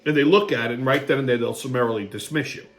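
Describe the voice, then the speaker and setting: A man's voice: mid-range voice, fast talker. Foul-mouthed, sarcastic male host ranting. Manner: profane, sarcastic and swinging between muttering and excited outbursts. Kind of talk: comedic storytelling monologue.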